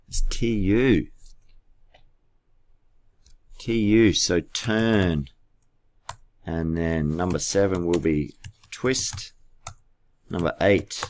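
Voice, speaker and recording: In a screen-recorded tutorial, a low-voiced man patiently teaches, spelling out words one letter at a time. Keyboard clicks can be heard in the background.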